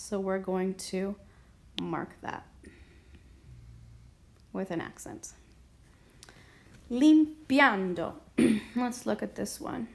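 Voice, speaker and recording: A woman teaching a language grammar lesson at a whiteboard, patient and explaining step by step. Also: mid-range voice. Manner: patient, explains step by step, often asks "okay?". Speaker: Spanish teacher.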